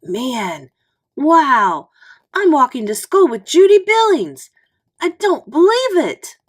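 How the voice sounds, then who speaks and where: A woman's voice: sits high, big pitch swings, slow pace, fairly bright tone, voice pushed up, exaggerated voice. A woman voicing a fourth-grade boy trying to act tough, talking with a breezy, swaggering cool, in a storybook read-aloud. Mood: dazed.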